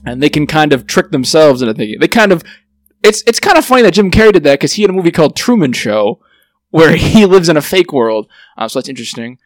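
A man's voice: a little high, very animated, fast talker, no room sound. A man hosting a podcast in casual chat, rambling and joking as he talks. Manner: rambling, joking, laughs often. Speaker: podcast host.

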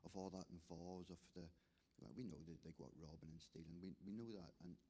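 Speaking briskly with a warm, breathy, steady low voice, this Northern Irish man shares his church testimony as a restorative justice volunteer. He voices the characters' lines himself and keeps backing up to start sentences over.

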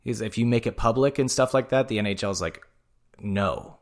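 A man's voice: lowish voice, a little fast. A man co-hosting a casual podcast, ranting about hockey with lots of swearing, and he says he is tired. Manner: profane, heated sports rant. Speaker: podcast co-host. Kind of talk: casual chat.

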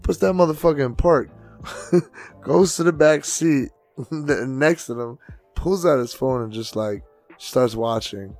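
A man co-hosting a podcast, telling loud, profane stories in a casual way and acting out other people's voices with big swings in pitch and volume. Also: takes it slowly, soft background music. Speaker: podcast co-host and DJ.

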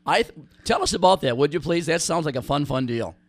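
A man hosting an outdoors radio show, his voice a bit hoarse. He talks in a jokey, rambling way, often restarting sentences. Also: fairly high pitch, animated, fairly quick, dry recording. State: hoarse from cheering. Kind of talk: casual radio chat.

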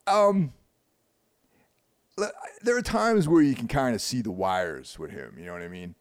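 A man's voice: mid-range voice, animated, unhurried, no room sound, studio quality. A man co-hosting a podcast in casual chat, rambling with many "like"s and "you know"s. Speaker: podcast co-host.

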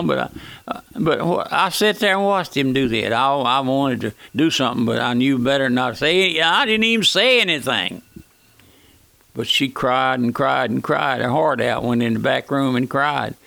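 A man's voice: a little high, creaky, sharp tone, no room sound. An older man, preaching a radio sermon in a folksy way and often calling the listener his friend.

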